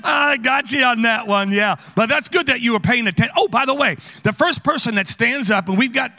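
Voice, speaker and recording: A man's voice: very high-pitched, fairly quick, big-room sound. A man speaking as a guest preacher, teasing and joking with his audience in a church auditorium. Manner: animated, teasing, calls out to the audience. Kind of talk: playful sermon with audience interaction.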